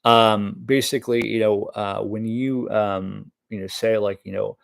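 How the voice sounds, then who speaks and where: A man's voice: lowish voice, fairly even intonation, unhurried, creaky, no room sound. A man rambling casually through news topics, full of fillers and cursing. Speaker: vlogger reading the news.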